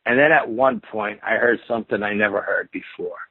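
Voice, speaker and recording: Husky man telling stories over a phone line. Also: on the low side, brisk, no room sound. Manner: rambling, repetitive build-up with stacked "and then you hear" phrases. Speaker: interview guest telling Bigfoot encounter stories. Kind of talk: casual storytelling.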